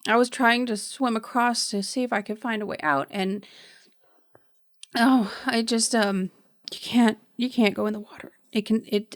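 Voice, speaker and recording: A woman's voice: mid-range voice, dry recording, studio quality, lightly acted. A woman voicing a frightened injured young woman. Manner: weak, halting, breathy whispering.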